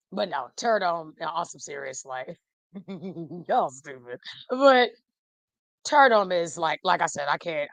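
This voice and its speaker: A woman, a podcast guest chatting casually about football, animated and laughing often, trailing off mid-thought. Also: medium pitch, no echo. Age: 40s. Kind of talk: casual fan chat.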